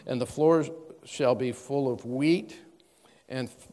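A man preaching a sermon, reading scripture aloud with measured stress and then explaining it in plain words. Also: mid-range voice, mellow. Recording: long hall reverb.

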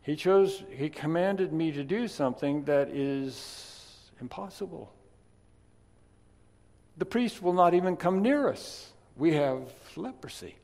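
A man preaching a sermon, chatty in his asides and then emphatic and loud on key points. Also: fairly high pitch, animated, takes it slowly. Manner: conversational, swings from quiet asides to emphatic loud stresses. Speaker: pastor. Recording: long reverb of a large hall.

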